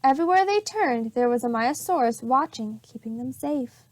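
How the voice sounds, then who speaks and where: A preschool teacher, a woman, reading storybooks aloud to young children in a clear, expressive way. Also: high voice, normal speed, no echo, low-quality recording.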